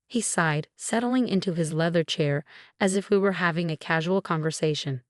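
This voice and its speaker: A woman narrating a first-person story in an even, measured way. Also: on the low side, no echo, clean studio sound.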